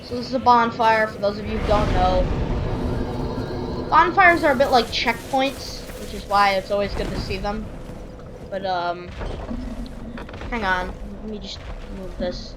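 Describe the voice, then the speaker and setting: A woman from Michigan hosting a gaming channel, talking through a let's-play in a loose, rambling, joking way. Her pitch is in the middle range. The recording carries clear background noise. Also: unhurried, long pauses. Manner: rambling, joking, laughs often. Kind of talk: casual let's-play commentary.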